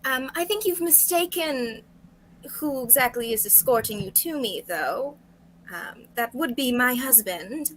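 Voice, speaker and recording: A woman's voice: high voice, animated, unhurried, fairly bright tone, slight background noise, poor audio. A woman voicing a poised, prim aristocratic lady in a tabletop role-play. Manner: prim and formal.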